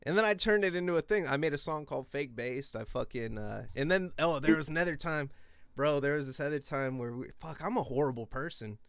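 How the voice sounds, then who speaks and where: A man in his twenties telling rambling, profane stories in casual podcast chat, breaking into yelled quotes. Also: a little high, fairly quick, a little hiss or hum. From US West Coast. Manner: rambling, profane, animated, yelling out quoted lines.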